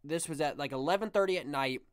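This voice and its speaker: A man hosting his own podcast, ranting in a casual, exasperated and animated way. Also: a little high, quick pace, clean tone, no room sound, studio quality. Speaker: podcast host.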